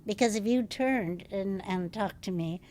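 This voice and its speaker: An older actress with a distinctive, recognizable voice, telling stories as a podcast guest with frequent laughter. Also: female voice, medium pitch, measured pace, a little hiss or hum. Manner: lively, laughs often while telling stories. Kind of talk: casual interview storytelling.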